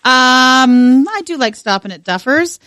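A woman from Ontario, Canada, joins a casual radio chat and tells a relaxed, chatty story. Her voice is smooth and resonant. The mic is dry and close. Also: sits high, unhurried, no echo.

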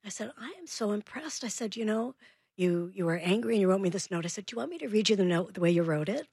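A woman, a parenting expert, telling an animated story as a guest in a radio interview, acting out the voices in it. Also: mid-range voice, quick pace, slightly rough, no room sound, studio quality. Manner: animated, acts out dialogue in her story.

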